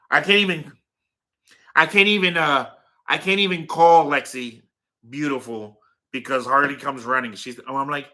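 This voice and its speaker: Bright, rambling man chatting live. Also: medium pitch, moderate pace. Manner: rambling, filler-heavy, talks to his dog and chat. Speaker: livestream host. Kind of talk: casual livestream chat with viewers.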